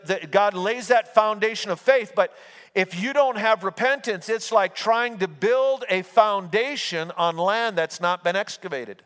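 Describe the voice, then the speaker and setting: A man with a high voice preaches a conversational sermon. He stumbles and restarts his phrases and acts out little anecdotes along the way. His voice carries a long reverb from a large hall. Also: fairly bright tone, smooth. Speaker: pastor.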